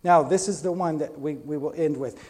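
Pentecostal pastor, male, high-pitched voice, energetic sermon delivery with restarts. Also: normal speed.

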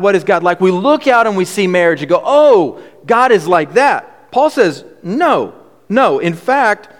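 A man preaching a sermon as pastor, earnest and animated, stressing key words and often restarting his phrases. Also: a little high, long reverb tail.

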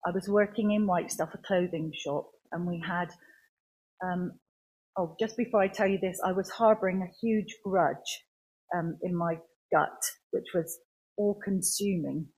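A woman tells her own story of faith before a church gathering. Her voice sits a little low and has a husky, breathy edge. She speaks earnestly, halting and restarting as she goes. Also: a little mellow, rough recording. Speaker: churchgoer giving testimony. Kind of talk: personal faith testimony.

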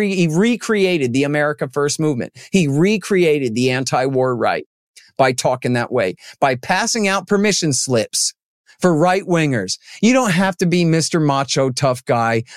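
A man as an interview guest, talking in an animated, emphatic way and acting out the people he quotes. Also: a little high, moderate pace, dry recording, studio quality. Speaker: podcast guest, antiwar writer. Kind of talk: casual interview talk.

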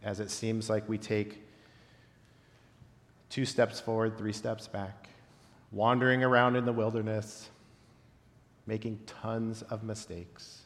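A man preaching a reflective sermon, pausing often and letting his phrase endings fall soft. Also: lowish voice, flat delivery. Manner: reflective, with long pauses and softly dropped phrase ends. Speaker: pastor. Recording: long reverb of a large hall.

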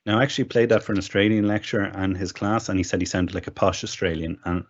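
Husky-voiced man giving a tech demo. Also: deep voice, steady tone, fast. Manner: chatty, self-deprecating, explains step by step. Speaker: guest demonstrating software. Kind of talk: casual spoken tech demo. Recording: dull lo-fi remote recording.

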